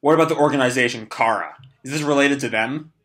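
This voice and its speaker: A fierce young male ninja teacher asks blunt, pointed questions, as a hoarse man reads him aloud. The delivery is plain and bright, with a tired scratch to the voice. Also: medium pitch, fast talker, close to an everyday voice. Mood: demanding.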